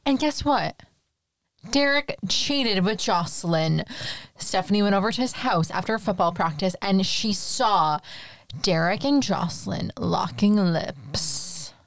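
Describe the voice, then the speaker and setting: A woman's voice: mid-range voice, animated, no room sound. Young woman podcast cohost, jokey movie recap, dry close sound. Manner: joking, quick asides, laughs a lot. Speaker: podcast co-host. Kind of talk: casual movie recap chat.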